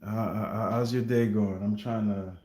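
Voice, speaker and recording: A man's voice: on the low side, steady tone, normal speed, darkish tone, roomy sound. A man hosting a casual livestream, chatting with viewers in a rambling, laid-back way. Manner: rambling, laid-back, heavy use of filler phrases like "you know what I mean". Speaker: livestream reaction host.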